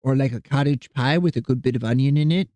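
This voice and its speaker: A man's voice: mid-range voice, quick pace, dry recording. Easygoing male streamer, rambling chat, dry sound. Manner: rambling, easygoing, chatting with viewers while cooking; softens and coos when talking to his cats. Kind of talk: casual live-stream chat.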